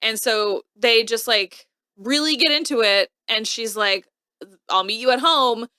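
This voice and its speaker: A woman co-hosting a casual recap podcast, retelling scenes in an animated way and acting out the characters' lines. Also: on the high side, unhurried, clean tone, dry recording, clean studio sound. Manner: animated retelling, acting out quotes in varied voices. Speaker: podcast co-host recapping a TV episode. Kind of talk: casual chat.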